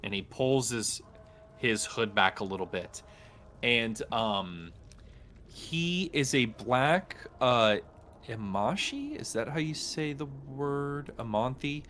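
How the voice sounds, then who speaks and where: A man narrating as dungeon master in a casual, halting way with many fillers. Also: medium pitch, big pitch swings, fairly bright tone, a little hiss or hum. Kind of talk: narrating a tabletop game.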